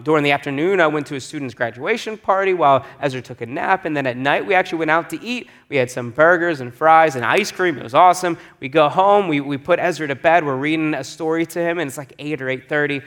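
A pastor in his thirties telling a story from the pulpit, with a voice a little higher than most men's. He keeps the story lively and slips into the voices of the people he describes. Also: a little fast, hardly any pauses. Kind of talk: storytelling sermon.

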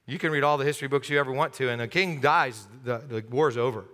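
A male pastor preaching a sermon, telling the story with lively humor and acting out the scenes for his listeners. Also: medium pitch, quick pace, long reverb tail.

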